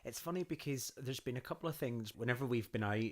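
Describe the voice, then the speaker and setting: A man's voice: mid-range voice, quick pace. A man co-hosting a podcast, dropping in brief, amused reactions. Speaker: podcast co-host. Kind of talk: casual chat.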